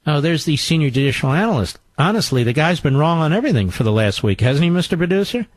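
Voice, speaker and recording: A man hosting a political talk radio show, sarcastic, combative and mocking, with his pitch swinging widely for emphasis. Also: big pitch swings, fast, no room sound.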